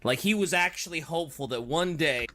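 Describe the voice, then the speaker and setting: A man's voice: on the high side, a little fast, bright, forceful tone. Jokey man chatting casually. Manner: jokey, does silly character voices. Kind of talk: casual joking chat.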